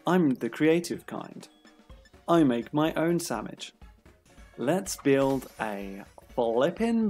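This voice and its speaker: A man's voice: mid-range voice, darkish tone. A man giving playful, giggly commentary as he plays a video game, laughing often. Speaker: streamer. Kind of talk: gameplay commentary.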